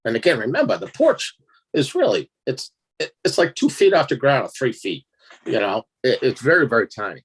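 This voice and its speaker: A man tells an eerie personal story in a casual interview, his voice rising and falling all over the place. The tone is a bit husky and rough. He laughs often and acts out his own reactions as he goes. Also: mid-range voice, very animated, a little fast. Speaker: guest storyteller.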